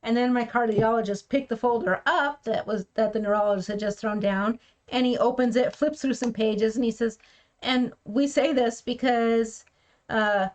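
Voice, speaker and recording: A woman's voice: on the high side, fairly even intonation, fairly quick. A woman vlogger telling a personal story in a frank, plainspoken way, sometimes acting out what others said. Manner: frank and plainspoken, acts out quoted speech. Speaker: keto vlogger.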